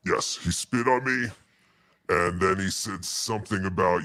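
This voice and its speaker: A man telling a story in a deadpan, halting way as an interview guest. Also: low-pitched, a little hiss or hum. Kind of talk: casual storytelling.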